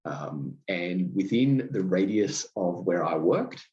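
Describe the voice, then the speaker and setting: Australian male podcast host, deep voice with lively intonation, reflective storyteller, roomy room sound. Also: lo-fi sound. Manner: thoughtful, unhurried storytelling. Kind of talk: reflective solo podcast talk.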